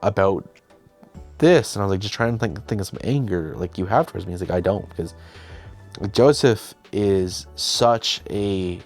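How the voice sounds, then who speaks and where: A man's voice: low voice, expressive, moderate pace, faint music behind. A young man hosting, casually telling a behind-the-scenes story, chatty and self-deprecating, often quoting himself and others. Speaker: host.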